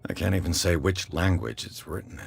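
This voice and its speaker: An actor playing a composed investigator hero in a game, speaking in a measured, reserved way. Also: male voice, deep voice, lively intonation, vocal fry, breathy edge, heavily acted.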